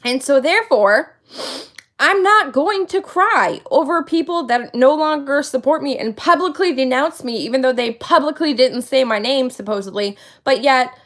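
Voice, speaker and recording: A woman in her late thirties hosts a casual livestream, venting indignantly and emphatically and repeating her points to drive them home. Her high-pitched voice is animated and fairly bright, at a normal speed.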